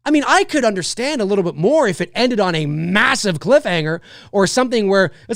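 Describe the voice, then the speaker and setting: A man's voice: high-pitched, brisk, hardly any pauses, no echo, clean studio sound. A man hosting a casual livestream, rambling animatedly about a film and answering viewer comments. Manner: animated, rambling, frequent restarts and fillers. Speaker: livestream host. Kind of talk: casual live chat reading viewer comments.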